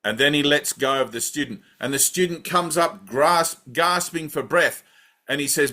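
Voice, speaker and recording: This spiritual teacher's voice is on the high side, bright and forceful, at a moderate pace. In a conversational satsang talk with guided breathing, he often pauses to ask "right?"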